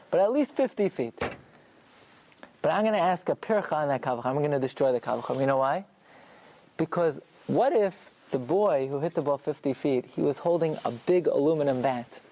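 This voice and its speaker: A man's voice: on the high side, lively intonation, brisk, mellow. A man teaching a Torah lesson in a classroom, working through rhetorical questions and answering them himself.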